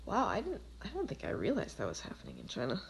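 A woman co-hosting a casual history podcast with a gravelly, husky voice, teasing and laughing often. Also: deep voice, huge pitch swings, fast. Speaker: podcast co-host.

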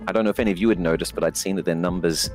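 A man speaking as a player in a tabletop game, hesitant with many fillers and quick to laugh. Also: low voice, fairly even intonation, a little mellow, soft background music. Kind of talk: casual chat in a tabletop game.

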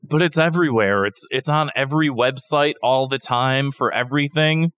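A man's voice: medium pitch, moderate pace, a bit bright, clear, resonant tone, no echo. A man co-hosting a comedy podcast, making dry, wry remarks. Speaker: podcast co-host.

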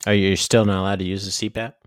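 A man with a fairly low voice bantering on a podcast and needling his co-host. He sounds dry and close to the mic, with no room echo. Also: flat delivery, fast. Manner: teasing, sarcastic interjections.

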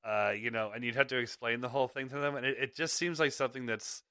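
A man's voice: mid-range voice, steady tone, quick pace, pushed and bright, clear, resonant tone, no room sound, clean studio sound. A man hosting a podcast in rambling casual chat, chuckling between thoughts, with a slight clicky sound to his voice. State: slight clicky voice from ear infection. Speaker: podcast host.

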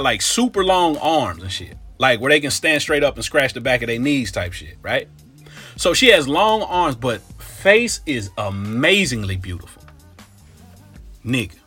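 Man, husky voice, bright forceful tone, comic storytelling, profane slang. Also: on the high side. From Cincinnati, Ohio.

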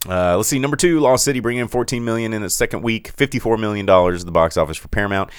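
A man's voice: on the low side, rapid-fire, smooth, dry recording, studio quality. A man co-hosting a podcast in casual chat, running through numbers with frequent self-corrections and fillers. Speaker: podcast co-host.

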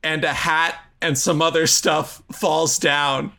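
A man's voice: fairly high pitch, little pitch movement, slow, creaky, sharp tone. A man improvising a comedic story in a playful way, laughing often.

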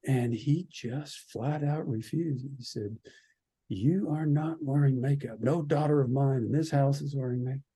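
A man from Canada, a radio producer and podcast guest, telling an animated story and acting out the voices of the people in it. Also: medium pitch, measured pace, slightly rough. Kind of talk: animated anecdote in a podcast interview.

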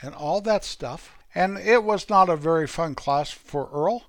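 A man hosting a podcast, telling corny puns and comic stories in a deadpan way. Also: on the high side, measured pace, few pauses, no room sound. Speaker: podcast host. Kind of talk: comic storytelling.

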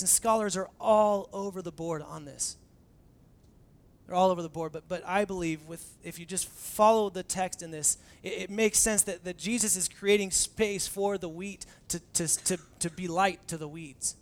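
A young adult man preaches a sermon as a pastor, keeping it conversational and animated and acting out the dialogue he quotes. His voice is high and his pace moderate.

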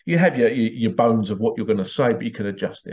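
A man's voice: on the low side, quick pace, a little mellow, muffled recording. A man hosting a show and telling anecdotes in a chatty way, often breaking into laughter. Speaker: host. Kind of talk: casual anecdotal storytelling.

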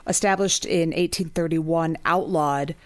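Wry, low-pitched woman podcaster. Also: steady tone. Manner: wry, sarcastic, quick quips. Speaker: podcast co-host. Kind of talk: casual book-discussion chat.

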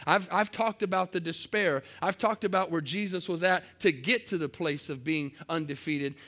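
A man with a high, bright voice preaches to his congregation. He keeps calling for amens and pushes his voice up to emphatic peaks before dropping back to a quieter tone. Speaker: pastor. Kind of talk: sermon. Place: church service.

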